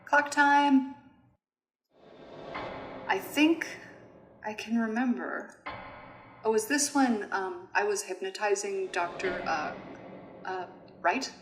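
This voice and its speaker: A woman's voice: mid-range voice, slow pace, long pauses, noisy background. A woman giving casual, joking let's play commentary, cursing now and then while she plays. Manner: chatty, joking, swears casually. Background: game music.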